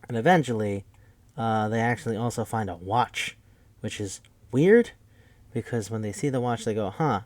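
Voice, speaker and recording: A man casually recapping a movie plot, rambling, swearing, and acting out the characters' lines in quick bursts. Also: lowish voice, darkish tone, no echo. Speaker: podcast host.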